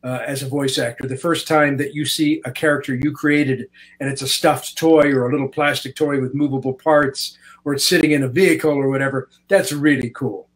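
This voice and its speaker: An older man from Canada, a voice actor telling stories in a relaxed interview and slipping into voices as he goes. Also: medium pitch, a little fast, poor audio. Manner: animated, slips into voices while telling stories. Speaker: guest voice actor. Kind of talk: casual interview storytelling.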